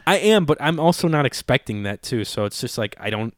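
A man with a drawl co-hosts a casual podcast, telling stories in an easygoing way with plenty of swearing. His voice sits at an ordinary pitch. The sound is dry and close, with no room echo. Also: lively intonation, brisk. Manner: laid-back storyteller, swears freely, acts out voices in quotes. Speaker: podcast co-host.

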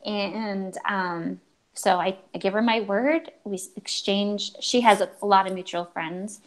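A woman's voice: medium pitch, measured pace, low-quality recording. Earnest woman telling a personal story. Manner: earnest, acts out quoted dialogue, frequent restarts. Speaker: guest telling her story.

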